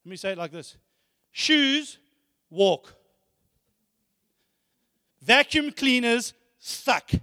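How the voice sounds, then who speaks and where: A man's voice: very high-pitched, lively intonation, very slow, long pauses, pushed and bright. A man preaching a sermon, emphatic, repeating phrases and asking rhetorical questions. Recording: long hall reverb.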